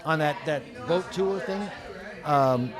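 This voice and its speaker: A man's voice: a little high, slow pace, crowd noise. A male guest telling a personal story in a rambling way, with many restarts.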